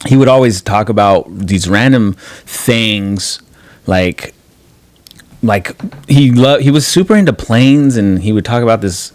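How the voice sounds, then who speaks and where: A man's voice: lowish voice, measured pace, darkish tone. A man co-hosting a podcast, talking in loose, rambling casual chat that trails off and restarts. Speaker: podcast co-host.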